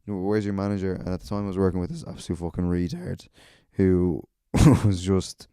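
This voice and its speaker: An Irish man in his thirties with a low, mellow, clean-toned voice hosts a solo podcast, speaking expressively at a normal pace. His storytelling rambles and turns sardonic, with free swearing and frequent circling back. The sound is dry and close-miked, with no room sound.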